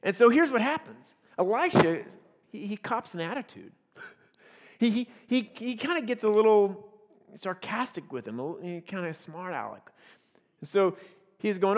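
A man's voice: sits high, sing-song, moderate pace, big-room sound. A man preaching a sermon, retelling stories with humor, acting out quotes and laughing often. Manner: playful storytelling, acts out quotes, laughs often. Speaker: pastor.

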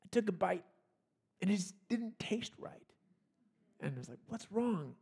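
A man preaching a sermon as pastor, in a relaxed conversational way with frequent restarts and small laughs. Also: high voice, moderate pace, creaky, slightly rough.

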